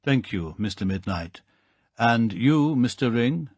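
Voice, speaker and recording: A man voicing a cold, calculating villain in an audiobook, speaking in a measured and quiet way. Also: mid-range voice, animated, breathy edge, dry recording, heavily acted.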